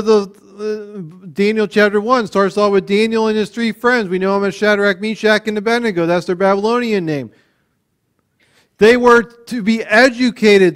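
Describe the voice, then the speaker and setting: A man with a notably high speaking voice delivers a sermon in an earnest way. He often repeats words as he restarts a phrase. His delivery moves between quiet, low stretches and louder, emphatic ones. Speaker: preacher.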